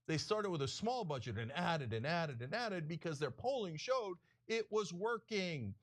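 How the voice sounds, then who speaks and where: Impassioned high-voiced male political host. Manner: impassioned, emphatic, sarcastic asides. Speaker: political talk show host. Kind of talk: heated political commentary.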